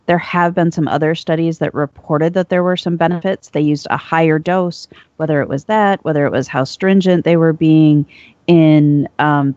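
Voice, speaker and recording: A panelist who presents medical study findings in a measured, explanatory way with an occasional dry laugh. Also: mid-range voice, darkish tone, dry recording. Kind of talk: casual panel discussion. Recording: dull lo-fi sound.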